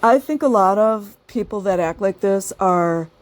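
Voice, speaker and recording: A woman talks casually straight to her viewers, chatty and easygoing. She breaks into laughter often and acts out the people she describes. Her voice sits at an ordinary middle pitch. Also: unhurried. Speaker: channel host.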